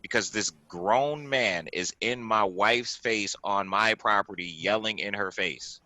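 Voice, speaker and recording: Low-voiced man telling a story with zest. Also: measured pace, no echo, low-quality recording. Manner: animated, emphatic, repeats himself and acts out quotes. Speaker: podcast host. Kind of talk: casual storytelling chat. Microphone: video call.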